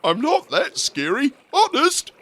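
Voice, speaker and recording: A gentle, lonely lady whale from a storybook, played by a man calls out in a high, lilting, sing-song voice. She stays eager and friendly, her pitch swooping up and down. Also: huge pitch swings, slow, slight background noise, heavily acted. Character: friendly sad female blue whale.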